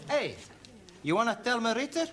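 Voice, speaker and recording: An actor playing a cheerful student, who speaks broken English mixed with words. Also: male voice, very high voice, very animated, moderate pace, sharp tone, heavily acted. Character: cheerful, chatty adult Italian male student.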